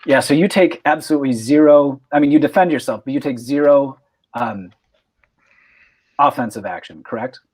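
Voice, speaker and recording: A man's voice: mid-range voice, moderate pace, darkish tone. A man narrating as game master of a tabletop role-playing game, explaining rules with fillers and restarts.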